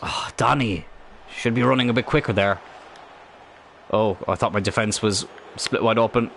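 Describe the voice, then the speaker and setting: A man commentating on his own football video game live, excitable and rambling, swearing at the game. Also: lowish voice, moderate pace, a little hiss or hum. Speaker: game streamer.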